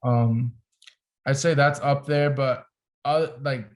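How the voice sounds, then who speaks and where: A man's voice: medium pitch, slow. A young adult man, a photographer and podcast guest, telling a story casually and animatedly, with lots of "like" as filler. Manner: animated storyteller, heavy use of "like".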